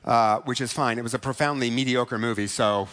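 A man preaching a sermon in a conversational way, often asking "right?" and slowing down for key points. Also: medium pitch, fairly even intonation, fairly bright tone. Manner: conversational, asks "right?" often, slows for emphasis. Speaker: pastor.

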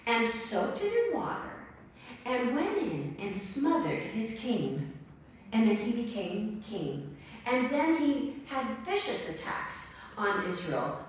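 A woman delivers a sermon in an animated, storytelling way, her pitch leaping high and low as she acts out scenes. She speaks slowly and deliberately. She sounds distant from the mic in a strongly echoing room. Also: a little hiss or hum. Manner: animated storytelling with dramatic readings and gasps. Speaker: preacher.

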